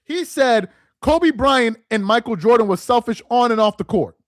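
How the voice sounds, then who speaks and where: A man hosting a sports rant show, mocking and exasperated, firing off rhetorical questions, tripping over repeated words and rising into shouts. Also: very high voice, animated, normal speed, dry recording, clean studio sound. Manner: stumbles and repeats words when worked up; rises into shouts. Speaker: sports commentator host.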